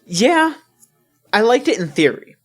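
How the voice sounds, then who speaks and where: A man's voice: high-pitched, unhurried, slightly rough, faint music behind. A man co-hosting a casual gaming podcast, ranting with heavy swearing. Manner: ranting, profane, animated. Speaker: podcast co-host.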